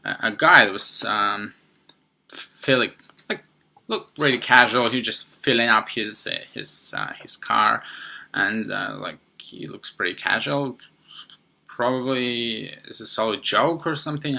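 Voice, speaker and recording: Male podcast host, low gravelly voice, halting first-person storytelling full of restarts. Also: pushed and bright. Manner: halting, many fillers and restarts.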